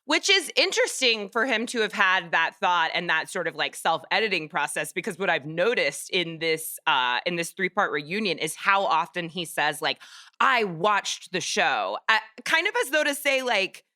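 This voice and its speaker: A woman's voice: on the low side, animated, sharp tone. A woman with a Southern US accent, co-hosting a podcast in casual chat, playful and full of filler words. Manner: quick, playful, lots of "like" and "um". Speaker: podcast co-host.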